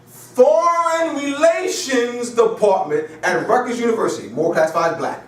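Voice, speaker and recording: A man lectures a class in a high voice that leaps up and down. He hammers his points with repetition and rhetorical questions, then drifts into chatty anecdotes. He is picked up from far off in a strongly echoing room. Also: expressive, measured pace, slight background noise. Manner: chatty storytelling asides. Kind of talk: classroom lecture with call and response. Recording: echoey room, mic far off.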